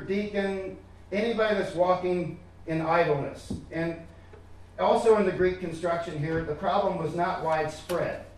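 A man with a fairly high voice preaches a sermon, pressing his points emphatically and often doubling back on his words. He sounds far from the mic in a very echoey church, with faint room ambience underneath. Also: darkish tone. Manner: emphatic, repeats words, addresses listeners directly. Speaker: pastor.

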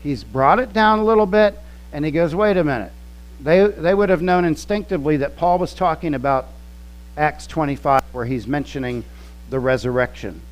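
A man preaching a sermon, teaching slowly and emphatically, quoting scripture and explaining original-language words. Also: fairly high pitch, poor audio. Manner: slow, emphatic teaching with quoted scripture and word studies. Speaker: pastor.

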